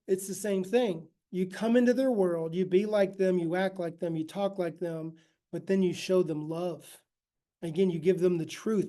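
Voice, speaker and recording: Mellow-voiced man teaching casually. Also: sits high. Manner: casual, checks in often with "right?". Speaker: ministry teacher. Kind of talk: conversational teaching talk.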